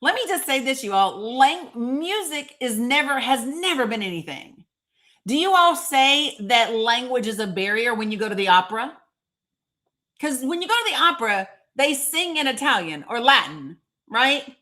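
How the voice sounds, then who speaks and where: A woman from Northeast Tennessee talks straight to her livestream viewers in a chatty, emphatic way, answering commenters by name. Her voice is bright and forward, pitched a little high, and her Tennessee accent comes through clearly. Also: very animated, normal speed. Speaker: livestream host. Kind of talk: live-streamed commentary to viewers.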